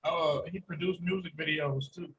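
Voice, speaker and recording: A man's voice: on the high side, normal speed, poor audio. A man hosting a casual podcast, telling stories animatedly with lots of swearing. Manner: animated storytelling, heavy profanity. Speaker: podcast host.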